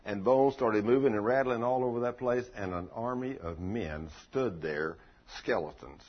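A man's voice: lowish voice, normal speed. A man preacher giving a folksy sermon, telling stories and asking rhetorical questions. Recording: lo-fi dull recording.

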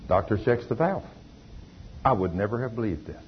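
Preacher, low voice, emphatic testimony, dull lo-fi recording. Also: male voice, animated, normal speed, a little hiss or hum. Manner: emphatic, testifying with acted quotes. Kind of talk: sermon storytelling.

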